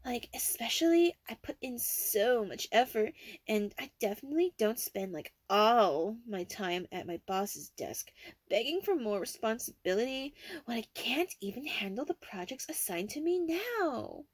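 A woman's voice: on the high side, animated, a little slow, no room sound. A woman putting on the voice of a ditzy young Valley Girl coworker, with a bratty, uptalking, filler-heavy delivery and a Valley Girl accent. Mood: whiny bragging. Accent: Valley Girl Californian.

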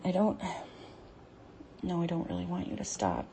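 A young woman performing an intimate audio role-play, reading a story aloud in a halting, breathy voice that often drops to a whisper. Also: lowish voice, sing-song, background noise.

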